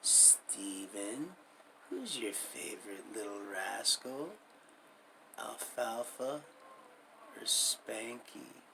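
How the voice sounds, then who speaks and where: Middle aged guy on his stream, rambly preachy storytelling, gravelly voice, faint noise behind. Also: fairly low pitch, animated, extremely slow, pauses often. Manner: folksy, preachy, addresses viewers as beloved. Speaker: livestream host.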